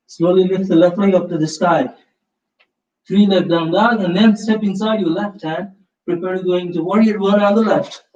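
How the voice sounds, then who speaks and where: A man leading a live yoga class, giving calm, slow, step-by-step cues with prompts to breathe. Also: high voice. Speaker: yoga instructor. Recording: roomy, distant, slightly dull sound.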